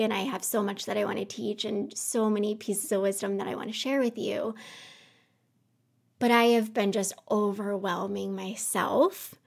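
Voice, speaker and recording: A woman's voice: mid-range voice, vocal fry. A woman podcast host in her home office, talking through an unscripted personal monologue. She sounds emotional and close to tears, earnest and self-reflective, and she rambles a little.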